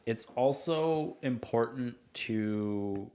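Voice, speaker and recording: Animated father telling stories on a podcast. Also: mid-range voice, drawn-out words, clean tone. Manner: animated storyteller who acts out family scenes loudly. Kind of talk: casual podcast chat.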